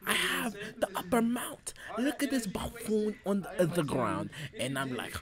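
A man's voice: measured pace, a crowd in the background. Young man doing mock-boastful fight commentary. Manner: mock-boastful, breaking into high excited shouts. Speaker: comedic commentator of his own grappling video. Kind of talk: mock sports play-by-play voice-over.

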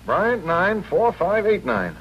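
Cynical hotel clerk, lively voice, dull old recording. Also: male voice, sits high, slow pace, full character voice. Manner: dismissive, wisecracking. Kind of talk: 1950s TV drama acting. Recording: dull 1950s TV audio with faint hiss.

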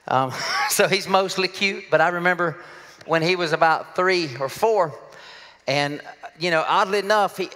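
A middle-aged pastor preaching a sermon, joking and laughing often with self-deprecating asides. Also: male voice, on the high side, sharp tone, big-room sound. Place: church sanctuary.

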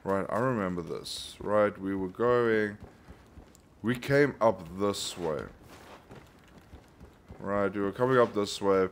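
A man's voice: fairly low pitch, slow pace, long pauses, slight background noise. A man hosting a gaming channel, giving casual let's play commentary, thinking aloud and bursting into frustrated outbursts.

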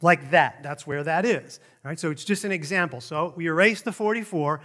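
A middle-aged male pastor preaching a sermon in a conversational, animated way, with jokey asides to the congregation. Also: a little high, a little fast.

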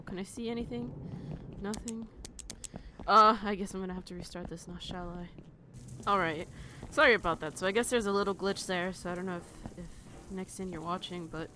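A young woman playing a horror game for a let's play talks it through in a mid-range, sharp voice at normal speed, jittery and full of nervous laughter, swearing when something startles her. A faint hiss runs under the recording.

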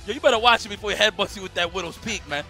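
A man commentating on a tournament stream, bantering and trash-talking loudly. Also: high-pitched, animated, racing. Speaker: esports commentator. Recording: music behind commentary. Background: music.

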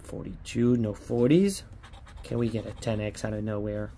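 A man's voice: fairly low pitch, moderate pace, warm tone, slight background noise. A man giving casual running commentary as he scratches lottery tickets, chatty and hopeful, pleading with each ticket to hit.

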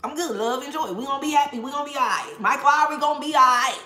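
A woman's voice: high-pitched, racing, bright, forceful tone, echoey room. Profane, laughing woman tarot reader. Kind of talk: casual tarot reading livestream rant.

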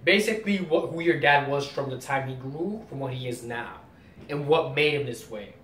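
A man's voice: normal speed, fairly bright tone. A man hosting a casual comic reaction video, rambling and explaining as he goes. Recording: roomy distant mic, faint rumble.

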